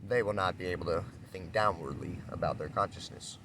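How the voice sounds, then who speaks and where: Low-voiced man musing outdoors. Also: fairly quick, background noise. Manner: rambling, repetitive, acts out quoted exchanges. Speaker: spiritual speaker. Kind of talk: casual spiritual talk.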